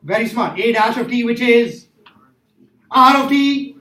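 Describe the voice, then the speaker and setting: A man with a high voice teaches calculus to a room of students, stressing points by repeating them and firing questions at the class. The sound is roomy and echoey, with a faint hiss of classroom noise underneath. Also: animated, normal speed, bright, forceful tone. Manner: emphatic, repeats himself, quizzes students. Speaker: math teacher. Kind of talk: classroom lecture.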